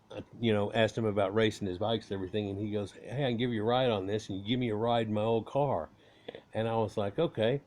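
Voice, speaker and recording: A man with a drawl and a somewhat low voice spins a long yarn about an old car. His telling is loose and folksy, full of restarts and casual cussing. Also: darkish tone. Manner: rambling, folksy, swears casually. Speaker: car owner telling a story. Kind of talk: casual storytelling.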